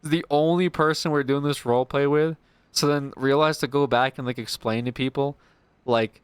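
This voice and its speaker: A man's voice: mid-range voice, expressive, moderate pace, clean tone, no echo. A young man, a streamer, chatting casually in a rambling way, swearing freely. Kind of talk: casual chat.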